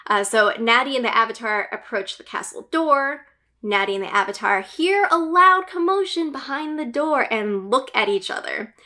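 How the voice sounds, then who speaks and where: A woman recaps gaming news for her channel in a casual, chatty way, her speech dotted with fillers and little giggles. Her voice is bright and forceful, pitched a little high, and she sounds like an eager fan. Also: animated, normal speed. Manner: enthusiastic fan.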